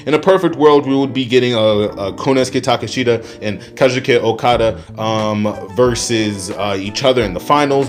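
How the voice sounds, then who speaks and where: A man giving a rambling, profane, excitable wrestling review, often laughing at his own points. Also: medium pitch. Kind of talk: casual review monologue.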